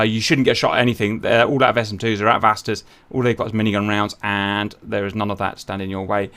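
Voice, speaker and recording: A man commentating a simulated naval battle to his viewers, animated and jokey, swearing as things go wrong. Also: fairly high pitch. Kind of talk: excitable game commentary.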